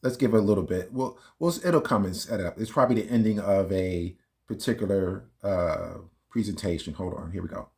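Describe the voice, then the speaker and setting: A commentary channel host talks casually in a reaction video, arguing emphatically between clips and fumbling with playback. His voice is low-pitched and brisk with a darkish tone.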